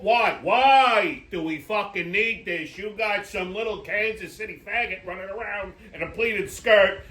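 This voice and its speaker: A man's voice: high-pitched, pushed and bright. A man hosting his own show, ranting in a brash, profane and rambling way that is full of restarts. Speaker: show host. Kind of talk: casual ranting commentary. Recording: echoey room.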